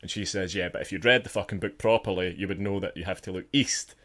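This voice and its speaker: A man's voice: low-pitched, fast, fairly bright tone. A man co-hosting a casual film podcast, chatty and swearing freely as he retells scenes. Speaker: podcast co-host.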